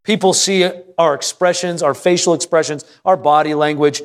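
A man's voice: a little high, steady tone, moderate pace. A man, a pastor, preaching a sermon to a congregation, reading scripture and drawing call-and-response. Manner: reads scripture aloud and acts out an anxious prayer.

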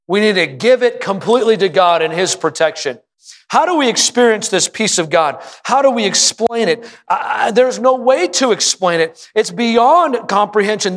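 Male pastor, fervent sermon delivery, slightly high voice, long church reverb. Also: fairly bright tone. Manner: impassioned preaching, rising to high emphatic peaks. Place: church auditorium.

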